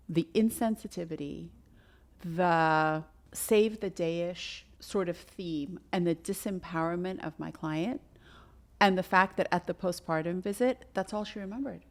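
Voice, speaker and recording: Middle-aged woman doula, casual podcast storyteller, lively, slips into the voices she quotes, a touch low in pitch. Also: measured pace. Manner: animated, acts out quoted voices.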